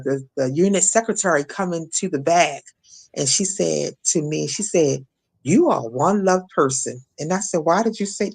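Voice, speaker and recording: A middle-aged woman from Maryland speaking as an interview guest, telling a painful personal story with frequent restarts and fillers. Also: deep voice. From Maryland, USA. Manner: halting, many restarts and fillers. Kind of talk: emotional personal testimony.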